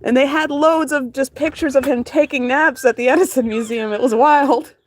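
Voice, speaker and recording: At home while moving furniture, a young woman streams her crafting, rambling, joking with her chat, and laughing a lot. Her voice is high-pitched and runs at a normal speed.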